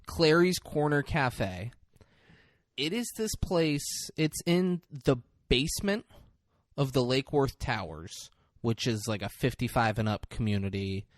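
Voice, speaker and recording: A young man in his twenties or so hosts a casual podcast, talking in a loose, joking way and swearing often. His voice sits at an ordinary middle pitch for a man. It is recorded close and dry. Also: a little slow, no echo. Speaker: podcast host.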